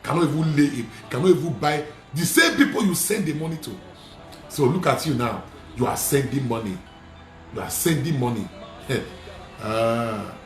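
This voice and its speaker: A man who is a Nigerian Catholic priest, preaching emphatically and repeating lines, slipping into pidgin and shouting at the peaks. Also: mid-range voice, expressive, moderate pace, reverberant, faint music behind. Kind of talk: preaching sermon. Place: studio.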